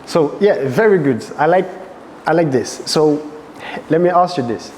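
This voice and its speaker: French-accented male dance coach, lively workshop teaching, reverberant room. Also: a little high, normal speed, slight background noise. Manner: animated, asks frequent check questions.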